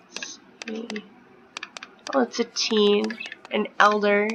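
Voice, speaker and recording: A woman's voice: medium pitch, wildly swooping pitch, unhurried, vocal fry, pushed and bright, a little hiss or hum, rough recording. A woman in her thirties chatting casually at home while playing a life-sim game, often dropping into a whisper. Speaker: gaming vlogger. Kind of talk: casual gameplay commentary.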